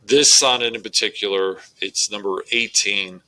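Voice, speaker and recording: A man's voice: fairly low pitch, a little slow, bright, forceful tone, rough recording. A male English teacher giving a methodical, explanatory recorded lecture on poetry.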